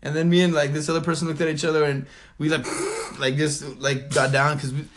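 A man's voice: fairly high pitch, flat delivery, brisk, a bit bright. A young man co-hosting a casual podcast, rambling with lots of fillers and frequent laughter. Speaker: podcast co-host.

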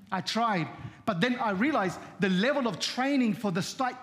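A man's voice: high voice, fairly bright tone. A man preaching a sermon as pastor, telling stories in a repetitive, conversational way and often saying amen. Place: church.

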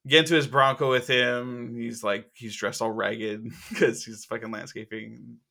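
Bright, animated storytelling man. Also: mid-range voice, unhurried, gravelly. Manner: animated storyteller who swears freely. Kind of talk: casual chat.

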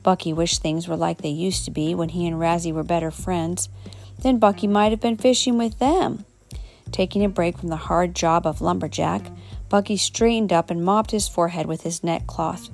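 A woman's voice: on the low side, fairly even intonation, moderate pace, gravelly, darkish tone, soft background music. A woman reading a children's storybook aloud at home, an unpolished reading with slips and self-corrections. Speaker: reader.

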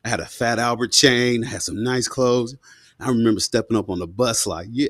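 A man in his thirties, a former police officer, telling a story as a guest in a casual, slangy and animated way. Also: mid-range voice, fast talker, no echo, studio quality. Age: 30s. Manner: slangy and animated, full of asides.

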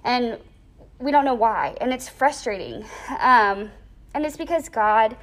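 A young woman in a casual interview, telling a personal story with lively acted-out quotes and lots of "like". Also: fairly high pitch, a little slow. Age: young adult. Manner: animated storyteller, acts out quoted voices; frequent "like" fillers.

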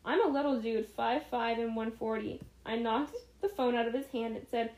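A woman's voice: on the high side, fairly even intonation, moderate pace, darkish tone. A woman co-hosting a podcast, reading a story aloud casually, giggling and stumbling over words. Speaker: podcast co-host reading stories. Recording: echoey room.

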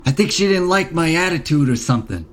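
A cocky little imp with a Queens accent voiced by a man rambles through his excuses in a lifted, slightly higher voice. He leans on fillers and "you know" at every turn. A faint noise floor sits under the recording. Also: lively intonation, fast talker, fairly bright tone. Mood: wheedling. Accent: New York Queens. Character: brash small male imp, streetwise and cocky.

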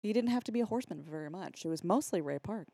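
A woman's voice: medium pitch, lively intonation, quick pace, gravelly, warm tone, breathy edge, no room sound, clean studio sound. A woman in her thirties, co-hosting a casual podcast chat with jokey, swearing banter. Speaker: podcast co-host.

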